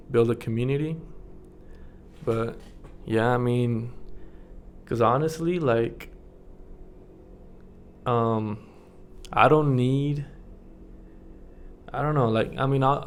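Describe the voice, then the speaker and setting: A man's voice: mid-range voice, slow pace, long pauses, a little hiss or hum. A young man from the United States talking casually to his camera in a rambling vlog, full of fillers and frequent chuckles. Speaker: vlogger.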